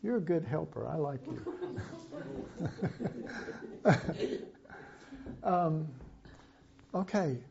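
A man preaching a sermon in a slow, conversational way, reading scripture aloud and adding asides. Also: a little high, lively intonation, gravelly, lo-fi sound, noisy background.

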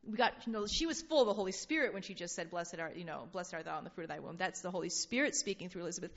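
A woman leading an informal Bible study, reading scripture aloud and talking in an animated, laughing way. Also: lowish voice, racing, hardly any pauses. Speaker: Bible teacher. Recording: dull lo-fi sound.

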